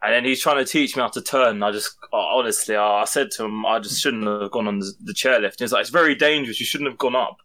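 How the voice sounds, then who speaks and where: Young man telling an animated story. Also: mid-range voice, quick pace, hardly any pauses. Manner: animated, swearing, laughing through the story. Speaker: podcast co-host. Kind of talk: casual storytelling among friends.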